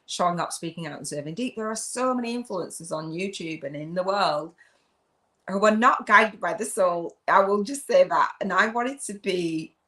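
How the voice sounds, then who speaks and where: A middle-aged English woman from the UK, hosting a live video chat as a spiritual business coach, loud and effusive with frequent laughs. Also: lowish voice, moderate pace.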